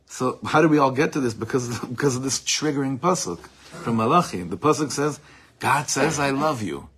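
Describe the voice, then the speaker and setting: A man giving an informal Torah class, telling stories with animated delivery. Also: mid-range voice, moderate pace, slightly rough. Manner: animated storytelling, acts out shouted quotes. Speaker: Torah teacher.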